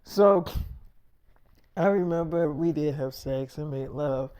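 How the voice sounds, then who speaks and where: A man's voice: on the high side, slow pace, darkish tone, smooth. A man telling a personal story in a casual, rambling, profane way, boasting as he goes.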